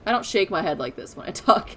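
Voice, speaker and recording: Woman, streamer, casual gameplay chat, talks back to traffic, very expressive pitch, engine noise behind. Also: fast. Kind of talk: casual live-stream chat while playing a driving game. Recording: clear vehicle noise from the game. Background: truck engine and road noise from the game.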